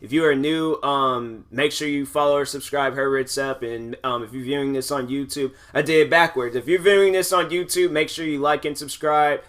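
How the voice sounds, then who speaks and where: Bright-voiced young man rambling casually. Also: on the high side, normal speed, hardly any pauses. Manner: rambling, filler-heavy talk with many restarts. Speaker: podcast host. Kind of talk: casual monologue.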